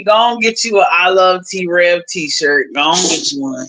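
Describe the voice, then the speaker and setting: Young woman livestreamer, blunt and profane, laughs a lot, bright and sharp-toned voice. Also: fairly low pitch, lively intonation, a little slow, hardly any pauses, rough recording. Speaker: livestream host. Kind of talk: casual livestream chat.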